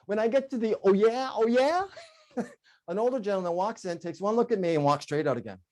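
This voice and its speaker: A man's voice: high voice, quick pace. A middle-aged man giving a humorous keynote speech to an online audience, telling stories with bursts of singing and laughter. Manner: animated storyteller, bursts into sung "oh yeah" and laughs. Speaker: keynote speaker.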